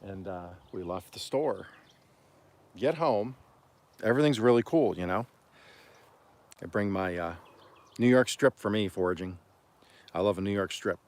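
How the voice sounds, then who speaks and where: A man from Oklahoma hosting a homestead livestream, telling stories in a rambling, folksy way and often clearing his throat. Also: fairly low pitch, unhurried, pauses often, darkish tone. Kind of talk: casual storytelling on a livestream.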